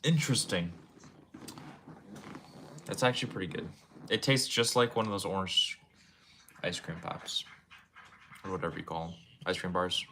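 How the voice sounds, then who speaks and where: A man's voice: low voice, normal speed, long pauses, pushed and bright, slight background noise. A young man streaming from his room at home, rambling casually and talking to his chat in a laid-back way. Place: home room with game shelves.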